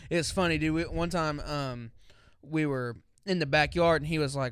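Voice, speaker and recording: A young man co-hosting a podcast, telling stories from his life in an easygoing drawl. His voice is smooth and clear and sits a little high for a man. The sound is close and dry. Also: normal speed, a bit bright, dry recording. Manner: laid-back, drawling storyteller, says "dude" a lot. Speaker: podcast co-host. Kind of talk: casual storytelling chat.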